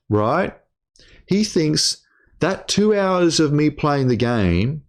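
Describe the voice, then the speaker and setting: Slow-talking exasperated man ranting. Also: mid-range voice. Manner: exasperated, swearing, stammering repeats. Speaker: gaming channel host. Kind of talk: angry personal rant to camera.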